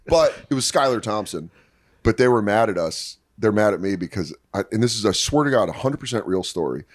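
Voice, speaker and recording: A man's voice: lowish voice, animated, brisk, no echo, studio quality. A man co-hosting a podcast, telling stories in a rowdy, profane, laughing way. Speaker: podcast co-host. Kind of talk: casual chat.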